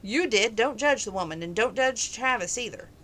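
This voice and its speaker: A woman's voice: a little high, lively intonation, moderate pace, a bit bright, low-quality recording. A woman reading as a frank, teasing friend.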